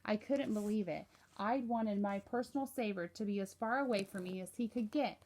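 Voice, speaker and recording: A woman reads a novel aloud in a plain, steady way. Her pitch sits in the middle range, and she keeps an even storytelling pace. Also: moderate pace. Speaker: audiobook narrator.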